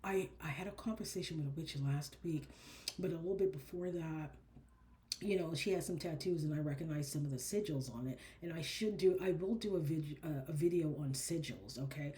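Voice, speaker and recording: A woman's voice: deep voice, brisk. Chatty woman reading oracle cards. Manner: animated and chatty, addresses listeners as baby and honey. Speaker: oracle card reader. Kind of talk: casual spiritual card reading.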